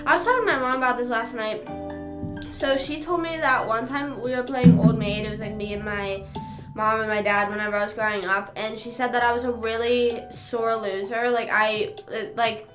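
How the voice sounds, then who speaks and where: A woman's voice: on the high side, steady tone, moderate pace. Young woman, rambling casual chat, fillers, streamer, echoey room, faint music behind. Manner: rambling and chatty, with frequent fillers. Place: home room.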